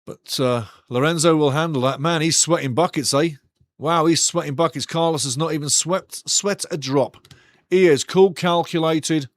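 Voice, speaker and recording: This is a slightly high male voice at a moderate pace, captured dry with studio quality. Hosting a live football watch-along, he gives relaxed match commentary, rambling on, calling the plays and trading banter with his chat.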